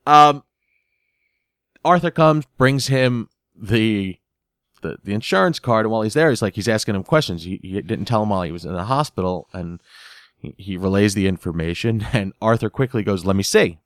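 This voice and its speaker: A man casually recapping a sitcom episode in an animated way. He laughs as he goes and often repeats words while he hunts for the next one. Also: lowish voice, moderate pace, clean tone, no echo, clean studio sound.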